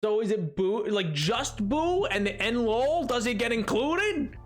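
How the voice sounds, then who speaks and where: A man with a notably high voice streams a game and chats with viewers between moves. He talks in a loose, teasing way, joking back at the chat. Soft music plays faintly under his voice. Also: sing-song, a little slow. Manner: playful, jokey, answers chat while gaming. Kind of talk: casual live-stream chat reading.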